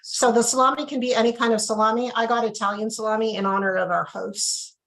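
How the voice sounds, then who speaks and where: Lady doing a wine tasting on a video call, kinda high voice, lots of ums, chatty. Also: fairly even intonation, quick pace, a bit bright, low-quality recording. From Canada. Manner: chatty, filler-heavy explaining. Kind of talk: casual live tasting talk.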